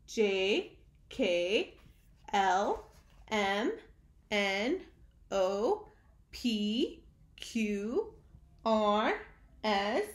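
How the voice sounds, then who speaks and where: A woman reads a children's picture book aloud at a very slow pace. Her fairly high voice rises and falls in a lively singsong as she asks the little listeners questions. The room around her rings with echo. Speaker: teacher reading aloud to children. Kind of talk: storybook read-aloud for young children.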